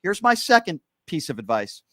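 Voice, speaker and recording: Man hosting a call-in show, reassuring, earnest, slightly high voice, dry studio sound. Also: very animated, moderate pace, pushed and bright, dry recording. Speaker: host.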